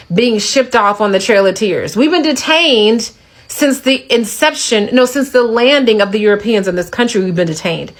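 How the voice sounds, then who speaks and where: A woman's voice: a little high, rough recording. Indignant woman ranting to camera. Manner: indignant, emphatic, repeats lines for effect. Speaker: video creator in a played clip. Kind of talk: casual ranting commentary.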